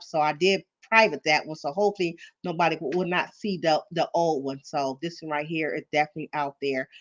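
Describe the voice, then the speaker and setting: A woman's voice: lowish voice, lo-fi sound. A middle-aged woman hosting a livestream, chatting nervously and apologetically, with many ums and you-knows. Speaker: YouTube live-stream host. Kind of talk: casual livestream chat.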